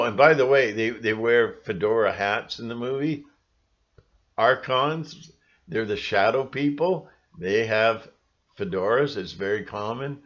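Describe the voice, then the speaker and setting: Rambling emphatic man, lo-fi sound. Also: medium pitch. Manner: emphatic, rambling, full of restarts and asides. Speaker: channel host. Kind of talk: monologue to camera.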